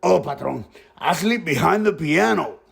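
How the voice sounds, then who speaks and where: A man's voice: fairly high pitch, expressive, normal speed, gravelly, fairly bright tone, slightly rough, exaggerated voice. A man voicing a defiant, lazy male freeloader who answers insolently and curses in Spanish.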